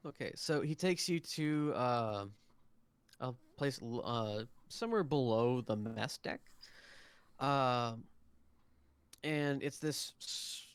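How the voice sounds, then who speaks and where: A man's voice: medium pitch, takes it slowly, long pauses, smooth, no echo. A man narrating as game master of a tabletop game on a live stream, rambling through scenes with frequent fillers. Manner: rambling, many fillers and restarts. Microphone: close desk mic, online stream.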